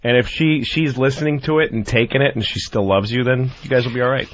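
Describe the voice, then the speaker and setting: A man's voice: mid-range voice, fast talker. A man co-hosting a podcast, giving blunt advice between crude jokes in a casual chat. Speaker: podcast co-host. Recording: dull lo-fi audio with faint hiss.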